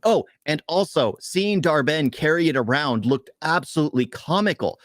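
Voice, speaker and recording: A man on a casual movie-review podcast, ranting in an animated, exasperated way. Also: fairly high pitch, no room sound, clean studio sound. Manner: animated, exasperated, rapid complaining. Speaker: podcast co-host.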